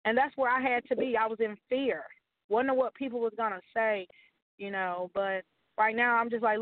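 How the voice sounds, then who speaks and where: High-voiced woman pastor on a tinny line. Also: fairly even intonation, normal speed, dry recording. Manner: emphatic, repeats rallying phrases like a preacher. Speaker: guest author and pastor. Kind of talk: testimony and encouragement on a talk show.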